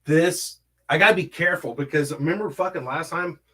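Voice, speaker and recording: A man's voice: fairly high pitch, a little fast, fairly bright tone, slightly rough. Swearing, rambling man on a home livestream. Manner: rambling, swears a lot, hums filler syllables. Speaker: livestream host reading chat. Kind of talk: casual profane chat.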